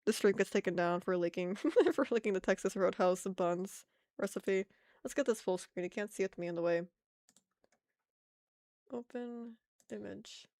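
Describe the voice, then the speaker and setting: A woman's voice: medium pitch, brisk, a little mellow, no room sound, clean studio sound. Chatty American woman streamer, laughing often. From United States. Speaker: art streamer. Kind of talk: casual chat with stream viewers.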